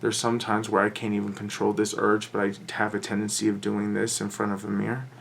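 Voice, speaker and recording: Male vlogger, nervous and halting, flat delivery with a rough, creaky edge. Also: fairly low pitch, a little hiss or hum. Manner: anxious, halting, with many restarts. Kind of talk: confessional vlog monologue.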